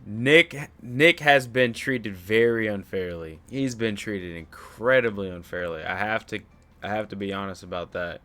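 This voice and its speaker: A man reacts to a clip in slow, casual commentary. His voice sits low but has a bright, forward edge. He drags his words out with a mocking tone.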